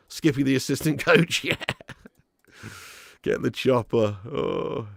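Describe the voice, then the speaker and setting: A man's voice: medium pitch, takes it slowly, vocal fry, pauses often, dry recording, clean studio sound. A man hosting a live football watch-along, chatting and bantering with viewers. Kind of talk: live casual match commentary and chat.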